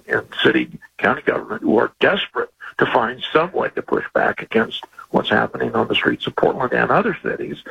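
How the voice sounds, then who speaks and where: A man, a former prosecutor, lays out a legal case step by step in a measured, explanatory way. His voice is very gravelly and raspy, and it comes through dull and muffled. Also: medium pitch, a bit bright. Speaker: legal guest, former district attorney. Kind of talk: explaining on a radio interview.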